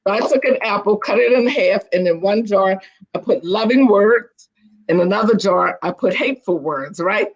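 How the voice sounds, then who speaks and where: An older woman, a guest on a video call, telling stories in a chatty, animated way and often restarting her sentences. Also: medium pitch, moderate pace, dull audio. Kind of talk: casual storytelling on a video call.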